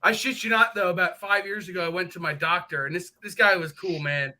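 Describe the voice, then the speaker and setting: A man's voice: high-pitched, fairly quick, pushed and bright. A man hosting a casual live stream, telling profane, joking stories and laughing often. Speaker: host of a live motorcycle stream.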